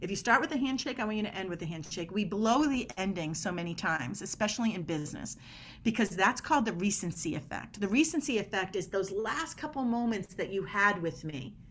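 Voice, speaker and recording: Animated middle-aged woman, body language guest. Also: mid-range voice, a little fast, slight background noise. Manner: animated, emphatic, acts out quoted dialogue. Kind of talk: podcast interview.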